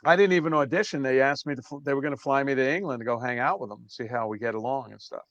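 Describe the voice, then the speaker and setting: A man in his sixties from Brooklyn with a New York accent, telling stories as an interview guest in a relaxed way that trails off softly. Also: medium pitch, fast, no room sound, lo-fi sound. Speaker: drummer guest. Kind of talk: casual interview storytelling.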